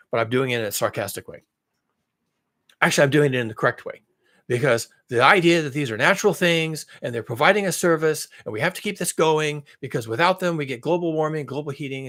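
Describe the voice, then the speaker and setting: A man giving sarcastic spoken commentary, swinging from mock-alarmed outbursts to low muttered asides and correcting himself as he rambles. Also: a bit bright. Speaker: climate commentary channel host.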